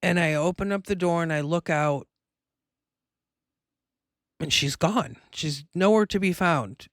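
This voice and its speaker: Slow-talking woman telling a personal story. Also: lowish voice, no echo, studio quality. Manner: rambling, many fillers, emotional. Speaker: host.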